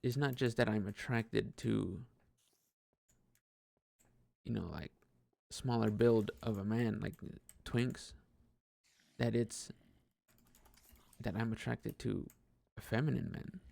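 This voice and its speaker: Young male host, heavy vocal fry, lowish pitch, dry close sound; loose rambling personal monologue, laughs and restarts. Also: fairly even intonation, takes it slowly, long pauses, a little mellow, no echo. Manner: rambling, self-deprecating, laughs often, many restarts. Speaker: podcast host.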